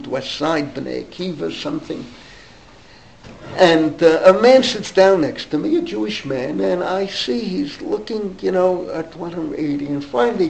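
Gravelly older New man rambling. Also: a little high, a little mellow. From New York. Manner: digressive, many fillers and restarts. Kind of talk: rambling anecdotal storytelling. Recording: roomy echo, faint background noise.

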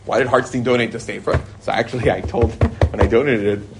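A man's voice: medium pitch, steady tone, fast, noisy background. A middle-aged man teaching an informal Torah class to a live group, reading Hebrew passages and then explaining them in casual, joking English.

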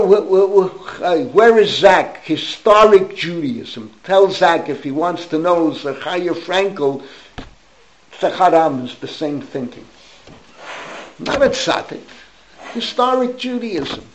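In a low-quality recording, an older man, a rabbi, leads a relaxed Torah lesson in a high, creaky voice. He wanders through anecdotes sprinkled with Hebrew and Yiddish, addressing his students by name.

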